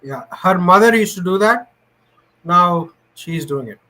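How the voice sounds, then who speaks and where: A man's voice: high voice, expressive, a little slow, sharp tone. A man joining a casual talk show with short remarks and laughs. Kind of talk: casual chat.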